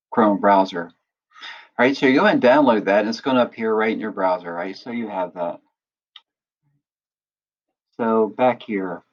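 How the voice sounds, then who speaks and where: A man acting as instructor, patiently walking through a software tutorial and often checking in with listeners. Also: lowish voice, muffled recording. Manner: patient step-by-step explaining, often checks in with "right?". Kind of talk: screen-recorded software tutorial.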